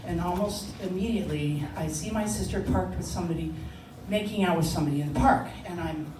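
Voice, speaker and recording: An older woman telling a personal story, animated and laughing, acting out the voices of others. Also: lowish voice, a little fast, few pauses. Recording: echoey room, distant mic, noisy.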